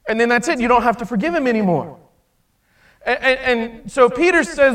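A male preacher delivering a sermon in a high, animated voice. He acts out the people in his stories and drops from forceful emphasis to quiet, hushed lines. The mic sits a little away from him. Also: brisk, far from the mic.

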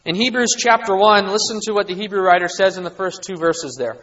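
A high-pitched man delivers a sermon-style Bible lesson, earnest and emphatic. He lifts his voice to drive home each point. The recording sounds dull and lo-fi. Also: brisk, fairly bright tone. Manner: earnest, emphatic, rising to stress key points. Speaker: preacher.

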